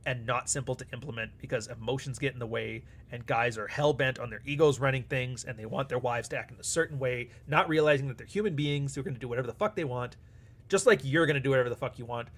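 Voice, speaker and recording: Here a livestream host speaks quickly in a mid-range, slightly bright voice. Responding to super chats, he stays casual and blunt, curses freely, and acts out dialogue between different voices.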